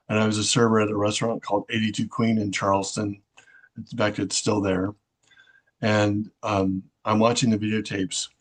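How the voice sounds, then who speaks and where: Low, flat-voiced middle-aged man. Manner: halting, with many fillers and restarts. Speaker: storyteller. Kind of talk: personal storytelling monologue.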